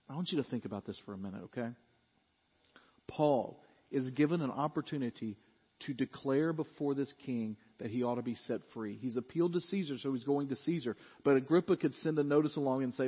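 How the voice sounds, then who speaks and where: A pastor preaching a sermon, reading scripture with loud, rising emphasis and dropping into quieter joking asides. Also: male voice, mid-range voice, a little fast, slightly rough. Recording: dull recording in a reverberant church.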